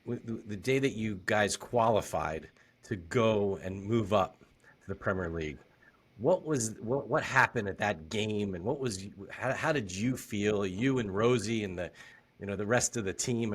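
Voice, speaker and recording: A male podcast host asks his guest questions, stumbling and restarting as he goes. His voice sits somewhat low. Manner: halting, with repeated restarts. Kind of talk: interview questions.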